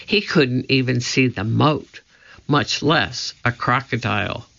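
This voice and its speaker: An audiobook narrator reads a storybook in a measured, deliberate way. The pace is very slow and the tone bright with gravelly fry. The recording sounds dull and lo-fi. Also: mid-range voice.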